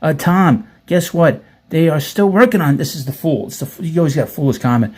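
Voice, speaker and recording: Guy ranting sarcastically about comments, slightly high voice, swears a lot, rambles. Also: lively intonation, fairly quick, darkish tone, breathy edge. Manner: profane, blunt. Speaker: commentary host. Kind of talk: casual commentary, reading comments.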